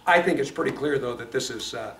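A man with a Midwestern accent teaching a Bible study class, lively and often asking the class questions. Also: mid-range voice, quick pace. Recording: echoey classroom from far off, noisy.

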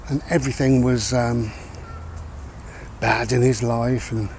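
A man's voice: mid-range voice, level tone, measured pace, vocal fry, a little mellow, a little hiss or hum. A man talking through life advice in a casual rambling monologue, reflective and repeating his key points. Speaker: vlogger giving life advice. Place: outdoors walking a dog.

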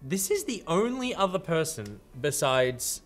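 A man's voice: on the high side, big pitch swings, a little slow, soft background music. A man hosting a let's play, reading game text aloud and joking with a co-host. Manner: playful, jokey, laughs easily.

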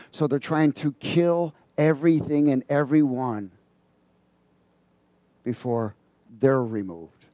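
A man's voice: mid-range voice, warm tone, no echo. A male preacher giving a sermon, reading scripture aloud and prompting the congregation to fill in the words. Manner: reads scripture aloud and comments on it.

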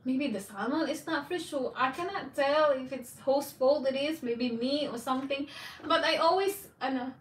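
A woman vlogger talks casually to her viewers in a rambling, candid way, breaking often into exclamations. Her voice sits a little high for a woman. She sounds set back from the mic in a roomy, echoing space. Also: normal speed, recorded from a distance, a little hiss or hum. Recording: echoey room, voice off-mic.

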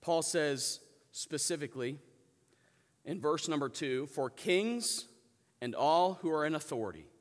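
A male pastor preaching a sermon, calling on the congregation to answer back and shifting between loud emphatic peaks and soft low asides. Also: lively intonation, a little slow, long reverb tail. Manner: preaches with call-and-response to the congregation. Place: church sanctuary.

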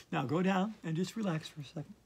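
Silly, gravelly-voiced woman teaching yoga. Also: lowish voice, darkish tone. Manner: silly, chatty, breaks into singing. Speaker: yoga instructor. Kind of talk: playful home yoga lesson. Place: home hallway.

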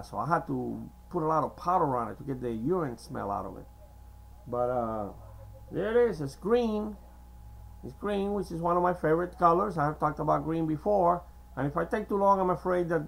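A man whose first language is Spanish, talking in a hesitant, meandering monologue to camera with many filler pauses. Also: a little high, lively intonation, vocal fry, rough recording. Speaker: video blogger. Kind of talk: casual rambling monologue to camera.

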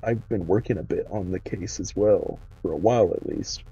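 A man's voice: low-pitched, normal speed, mellow, recorded from a distance, highs cut off, soft background music, natural voice. A man doing a confident retired detective. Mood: keen. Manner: confident, matter-of-fact.

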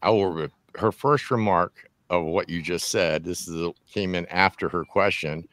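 A man hosting a call-in show, reading listener questions aloud in a halting way. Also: low-pitched, fairly bright tone, no echo. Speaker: host. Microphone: video call.

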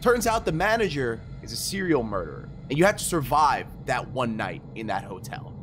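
A man doing jokey let's play commentary on a horror game, excitable, cursing and shouting at scares. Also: medium pitch, fairly quick, music in the background. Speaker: gameplay commentator.

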